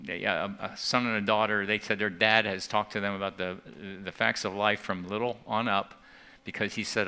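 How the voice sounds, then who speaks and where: A man's voice: on the low side, flat delivery, normal speed, creaky, pushed and bright, smooth. A man giving an earnest talk to a church audience, often restarting and repeating words. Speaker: seminar speaker.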